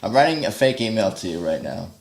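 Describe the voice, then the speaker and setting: A man hosting a casual livestream while practicing guitar, rambling, thinking out loud and putting himself down. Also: lowish voice, sing-song, fast, gravelly, echoey room. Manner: rambling, thinks aloud, self-deprecating. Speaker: livestream host. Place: home practice room. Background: guitar playing.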